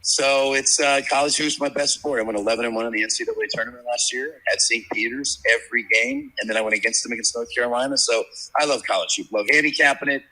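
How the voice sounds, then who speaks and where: Brief: profane fifties sports bettor, bright forceful voice with husky grit, rambling yarns. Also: male voice, medium pitch, fast talker, few pauses, rough recording. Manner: brash, profane, rambling storyteller. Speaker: sports handicapper guest. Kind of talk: casual podcast chat, storytelling. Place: media row at a sports event.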